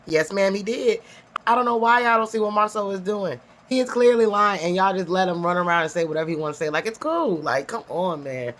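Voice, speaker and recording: A woman's voice: medium pitch, a little fast, slight background noise. A young woman recapping a reality show in casual, sassy commentary, peppering her talk with "honey" and "okay?". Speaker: reality TV reviewer.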